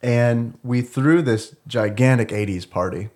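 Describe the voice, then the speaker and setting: Hoarse man hosting a casual podcast. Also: medium pitch, unhurried, a little mellow. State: sore throat, sniffling. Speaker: podcast host. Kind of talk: casual chat.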